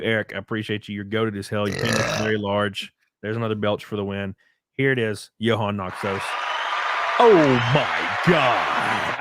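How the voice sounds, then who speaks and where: A man's voice: fairly low pitch, a bit bright, dry recording, studio quality. A man hosting a casual talk stream, recapping a TV episode in a rambling way full of "like" and "um". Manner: rambling, filler-heavy retelling. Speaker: streamer host. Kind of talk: casual podcast chat.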